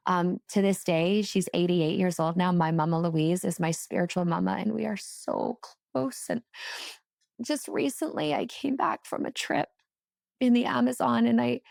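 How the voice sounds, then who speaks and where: A woman guest telling a personal story in a casual podcast chat, animated and chatty, with plenty of "like" fillers. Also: medium pitch, creaky, dry recording, studio quality. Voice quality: emotional, tearful at moments. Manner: animated, chatty, lots of "like" fillers, laughs and swears while telling.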